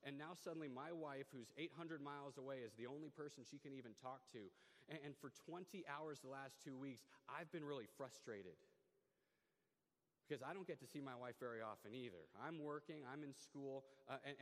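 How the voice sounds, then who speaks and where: A young man telling a personal story in an animated way, stumbling over restarts and repeated words. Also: medium pitch. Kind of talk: personal story told to an audience. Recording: long hall reverb.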